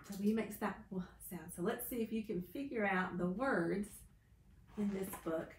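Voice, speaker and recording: A woman's voice: medium pitch, reverberant, slight background noise. A woman teaching young children their letters, reading a picture book aloud with a sing-song, exaggerated storytelling voice. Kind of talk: children's lesson and read-aloud.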